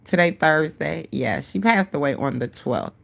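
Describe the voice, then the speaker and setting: Low gravelly woman, stuffed-up nose, aave, just chatting with her live chat. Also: animated, moderate pace, a bit bright. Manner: chatty, addresses viewers as "y'all" and "baby". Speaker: livestream host. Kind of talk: casual livestream chat.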